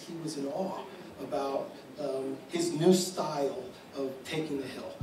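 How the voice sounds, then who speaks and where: Guy giving a rambling tribute speech, kinda high voice, big echoey hall, mic far off. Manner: rambling, with frequent restarts and repeated words. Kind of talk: public speech at an event. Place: large echoey room with an audience. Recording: echoey hall audio from a distant mic with background noise.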